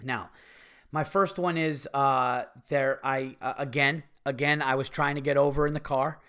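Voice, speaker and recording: A man's voice: mid-range voice, steady tone, measured pace, fairly bright tone, smooth. A man hosting a solo comedy podcast, ranting with heavy profanity about things that annoy him. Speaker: podcast host. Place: home.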